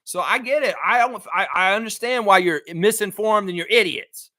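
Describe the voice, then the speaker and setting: A man's voice: high-pitched, moderate pace, pushed and bright, no room sound. A man from Canada hosting a live sports chat stream, reading chat aloud and ranting bluntly with lots of fillers. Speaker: livestream host.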